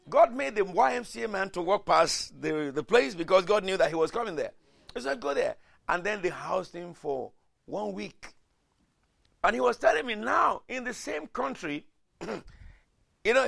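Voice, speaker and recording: A man preaching a sermon in a dramatic way, swinging from hushed lines to shouted ones. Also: high-pitched, gravelly.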